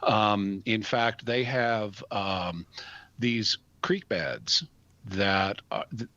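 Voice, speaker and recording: A man from the United States, speaking as a guest expert on a talk show, lays out his points patiently with examples. His voice sits low but carries a bright, forceful edge. The studio sound is dry and a little muffled. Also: steady tone, very slow, no echo. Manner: thoughtful, explains at length with examples. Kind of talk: casual explanatory radio talk.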